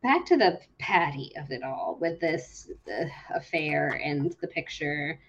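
A woman's voice: low voice, a little slow, slight background noise. A young woman co-hosting a casual book podcast, retelling scenes with playful voices for the characters. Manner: animated, acts out characters' lines while retelling. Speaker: podcast co-host. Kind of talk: casual book-club chat. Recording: slightly dull lo-fi sound.

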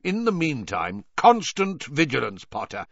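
A man's voice: medium pitch, huge pitch swings, measured pace, gravelly, dry recording, dull audio, pitched above the performer's own voice, heavily acted. A man voicing a grizzled, wary old male wizard with a growling voice and a curt, clipped manner. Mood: gruff.

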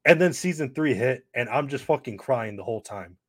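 A man's voice: mid-range voice, expressive, fairly quick, a bit bright, dry recording. A man co-hosting a casual podcast, eager and swearing casually. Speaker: podcast co-host.

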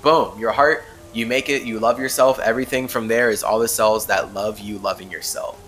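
Man, podcast host, bright forceful voice, rambling and emphatic, faint music under him. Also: on the low side, steady tone, normal speed. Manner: rambling, emphatic, laughs often. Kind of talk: casual spiritual monologue.

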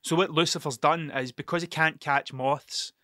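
A man's voice: fairly high pitch, steady tone, normal speed, sharp tone, dry recording, studio quality. A young man hosting a solo podcast, telling stories in a rambling, sweary, self-interrupting way. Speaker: podcast host. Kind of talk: casual solo podcast storytelling.

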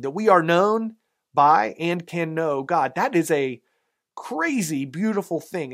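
Southern guy preaching a sermon, chatty, lots of ums and rights, voice a bit on the high side. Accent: American Southern. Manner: conversational, with many fillers and tag questions. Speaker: pastor.

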